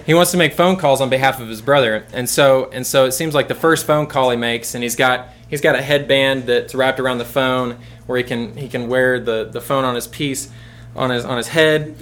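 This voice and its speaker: A man's voice: medium pitch, steady tone, moderate pace, fairly bright tone. A young man giving an informal sermon to a youth group, rambling and repeating words as he restarts his sentences.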